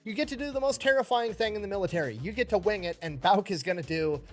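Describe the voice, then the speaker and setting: A man's voice: high-pitched, fast talker, faint music behind. A man casually narrating war history for an online video, with sarcastic military jokes and casual swearing. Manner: sarcastic, joking military humor. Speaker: history storyteller.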